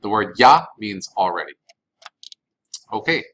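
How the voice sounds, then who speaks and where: A man's voice: fairly low pitch, big pitch swings, unhurried, a bit bright, low-quality recording. A man, recording a Spanish vocabulary lesson as the teacher, patiently saying each word and repeating it for practice.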